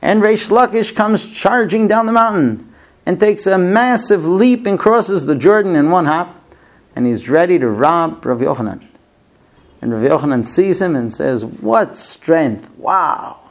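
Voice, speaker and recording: A man teaching a Torah lesson, telling the story with lively, dramatic delivery. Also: sits high, normal speed. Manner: animated, dramatic storytelling with fillers.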